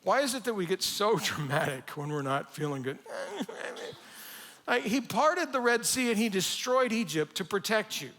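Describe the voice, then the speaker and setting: A male pastor preaching in a church, his voice pitched a little above the usual for a man. He talks in a conversational, animated way and gives the quoted lines their own voices. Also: measured pace. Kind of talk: sermon. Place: church sanctuary.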